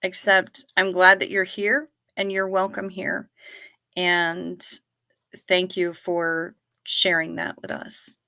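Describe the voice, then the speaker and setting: Slow, bright-voiced woman livestreamer. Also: fairly low pitch, completely flat delivery, gravelly. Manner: slow, gentle and sympathetic, talking to chat. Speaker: livestream host. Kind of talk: casual livestream chat reading comments.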